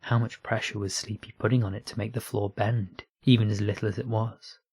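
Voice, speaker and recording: Low, husky male storyteller. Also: flat delivery, brisk, darkish tone, no room sound. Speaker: narrator. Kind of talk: audiobook reading of online fiction.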